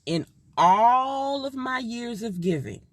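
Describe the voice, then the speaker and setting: Heartfelt woman telling a story, lively pitch. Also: slow pace, no echo. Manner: emotional, heartfelt, repetitive. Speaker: mother telling a personal story. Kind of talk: casual storytime.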